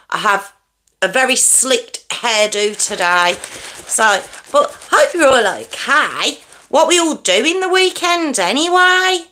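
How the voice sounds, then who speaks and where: Bubbly, animated woman streaming live. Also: mid-range voice. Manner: excitable, chatty, talks to herself while fiddling with lights. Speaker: true crime live-stream host. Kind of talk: casual live-stream chat with viewers. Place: at home. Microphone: desk microphone.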